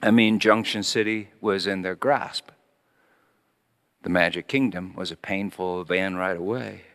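A man's voice: low voice, measured pace, fairly bright tone, big-room sound. A middle-aged male pastor preaching a sermon as a story, acting out his children's voices.

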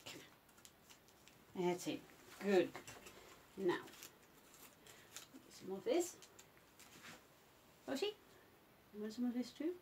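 A woman's voice: mid-range voice, big pitch swings, slow pace, long pauses, darkish tone, slight background noise. A woman coaxing her cats to pose for a photo shoot at home, repeating names and commands. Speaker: pet photographer. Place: indoor home photo session.

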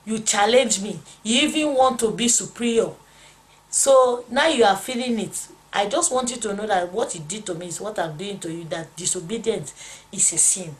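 A woman voicing God as a stern male figure who slowly rebukes and mocks a disobedient foe. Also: mid-range voice, close to an everyday voice, low-quality recording.

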